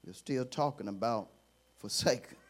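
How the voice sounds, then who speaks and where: A man, a bishop, preaching a sermon in a fiery call-and-response style that swings from hushed asides to shouting. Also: mid-range voice, moderate pace.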